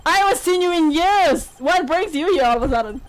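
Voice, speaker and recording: A woman voicing a calm, curious young male lawyer from a video game, pitched a little lower than her usual voice. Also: fairly quick, low-quality recording. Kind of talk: reading a video game's dialogue aloud.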